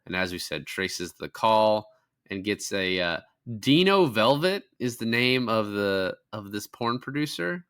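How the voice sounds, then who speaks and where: A man's voice: lowish voice, big pitch swings, measured pace, fairly bright tone, clear, resonant tone. A young man co-hosting a casual film review podcast, retelling scenes with lots of swearing and fillers. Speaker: podcast co-host.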